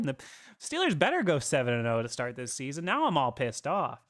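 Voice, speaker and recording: A man co-hosting a casual sports podcast, animated and ranting, swearing freely as he talks through a schedule. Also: medium pitch, fairly quick. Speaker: podcast co-host.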